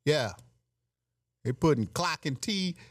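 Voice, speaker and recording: Slow and expressive, this man's slightly high voice comes through clean studio audio without any room sound. He's hosting a podcast, riffing through a brash, jokey monologue and chuckling at his own gags along the way.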